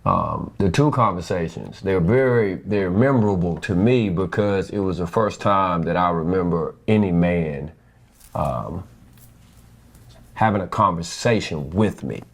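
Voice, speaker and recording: A man's voice: low-pitched, measured pace, vocal fry. A young man earnestly telling a personal story about his marriage, acting out the people he quotes. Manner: earnest, animated, quotes people in changed voices. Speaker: husband sharing his story.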